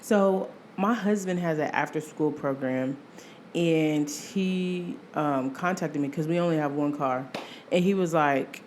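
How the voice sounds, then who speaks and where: Young woman podcast host, lower-pitched voice, animated solo storytelling, laughs often, soft faint hiss behind. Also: measured pace.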